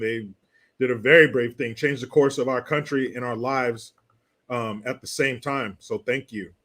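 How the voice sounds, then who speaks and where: A man's voice: medium pitch, a bit bright. A man hosting a casual commentary show, reading out viewer messages and joking between them with frequent laughs. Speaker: host.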